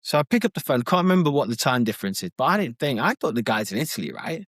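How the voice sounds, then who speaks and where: A man co-hosting a podcast, telling an anecdote in an excitable, animated way. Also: mid-range voice, very fast, no echo, studio quality. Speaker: podcast co-host. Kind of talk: casual anecdote-telling chat.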